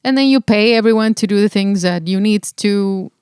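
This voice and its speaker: A woman's voice: mid-range voice, a little mellow, clear, resonant tone, dry recording, clean studio sound. A young adult woman co-hosting a podcast in casual chat, joking and stumbling over her words. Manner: joking, stammering restarts, quick asides. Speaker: podcast co-host.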